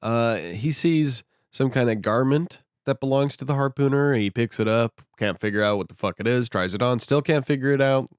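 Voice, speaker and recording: A man's voice: medium pitch, normal speed, hardly any pauses, clean tone, dry recording, studio quality. A man casually retelling a novel in an irreverent, sardonic way, swearing freely. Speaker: host, book reviewer. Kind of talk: casual profane book retelling.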